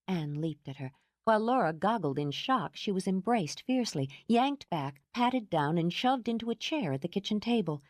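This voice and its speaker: Woman, audiobook narrator, dramatic reading, animated pitch, dry close mic. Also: a little slow, no room sound. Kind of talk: novel narration.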